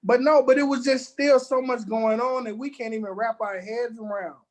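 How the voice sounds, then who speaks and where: A man's voice: very high voice, steady tone, moderate pace. A man, co-hosting a casual review show and making blunt, slangy, laid-back remarks. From Louisiana. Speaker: co-host.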